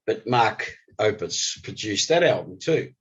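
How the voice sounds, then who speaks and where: An older man, a guest musician telling animated stories in an interview. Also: on the low side, a little slow, breathy edge. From Australia. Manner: animated storyteller, voice jumps up when excited. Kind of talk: storytelling interview. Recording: slightly dull lo-fi recording.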